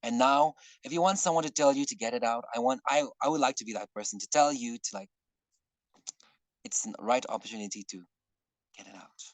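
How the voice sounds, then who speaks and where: A man leading an online workshop in casual talk, earnest and rambling, often clearing his throat. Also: medium pitch, a little fast, dry recording, poor audio. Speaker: workshop facilitator. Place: online video call.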